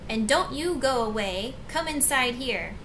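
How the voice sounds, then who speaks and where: A woman's voice: high-pitched, animated, measured pace, fairly bright tone, slight background noise. A woman voicing an angry, protective father who speaks sternly and huffily. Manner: stern, huffy.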